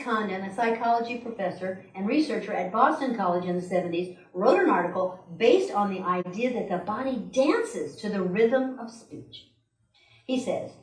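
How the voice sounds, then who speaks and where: A woman giving a sermon at a church, chatty and playful, laughing often and speaking to the congregation with asides. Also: mid-range voice. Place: church sanctuary. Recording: roomy church sound from a distance.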